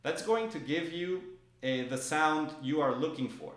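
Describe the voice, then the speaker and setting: A man's voice: on the high side, measured pace, a bit bright. A man teaching drum technique in an echoey room, his voice ringing off the walls. He explains each motion patiently and calls out stroke names in time as he plays. Drums sound behind him. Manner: calls out stroke names rhythmically while playing. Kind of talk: instructional demonstration. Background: drum playing.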